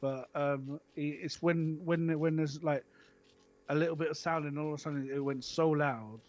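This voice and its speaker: Cornish man, casual streamer; slightly high, stop-start delivery, dull low-fi sound. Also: steady tone, moderate pace. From Cornwall, England. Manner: hesitant, repeats words, calls others "my flower". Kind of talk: casual chat.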